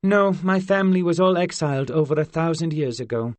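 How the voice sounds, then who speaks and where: A man's voice: fairly high pitch, animated, a little fast, dry recording, pitched above the performer's own voice, lightly acted. A male narrator voicing a haughty, curious fairy girl with a British accent and formal, old-fashioned phrasing. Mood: wondering.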